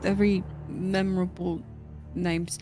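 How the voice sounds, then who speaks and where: A woman's voice: fairly low pitch, flat delivery, takes it slowly, warm tone, soft background music. A woman playing a tabletop role-playing game, polite and slightly flustered. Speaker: player.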